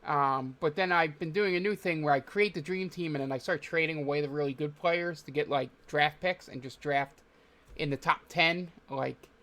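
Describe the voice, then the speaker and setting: A man's voice: fairly high pitch, normal speed, pushed and bright. A man hosting a podcast, talking casually about games in a loose, rambling way with many filler words. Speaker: podcast host. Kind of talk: casual chat.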